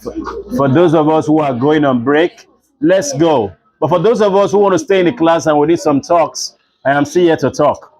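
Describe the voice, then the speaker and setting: A man's voice: fairly high pitch, normal speed. A young adult man with a Nigerian English accent, a literature teacher lecturing a class and acting out the voices in his stories. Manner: animated storytelling, acts out dialogue.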